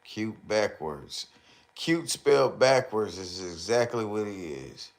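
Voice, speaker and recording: A man with commentating a live stream, ranting and joking loudly with slang and mocking put-on voices. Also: on the low side, lively intonation, slow. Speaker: streamer reacting to videos.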